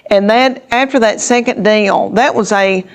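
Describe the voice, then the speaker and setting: A woman's voice: mid-range voice, a little slow, clear, resonant tone. A woman, a stand-up comedian telling stories in an interview in a chatty, rambling way full of restarts. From Tennessee, USA. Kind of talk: interview storytelling.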